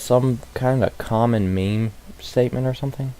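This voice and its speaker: A man's voice: mid-range voice, normal speed, dark tone. A man chatting casually as a stream guest, laughing often and poking fun at himself. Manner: laughs often, self-deprecating. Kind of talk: casual chat. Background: stream music.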